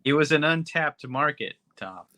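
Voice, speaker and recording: Bright-voiced, laid-back male podcast host. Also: fairly high pitch, animated, normal speed. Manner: laid-back plot recap with fillers. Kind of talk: casual movie review chat.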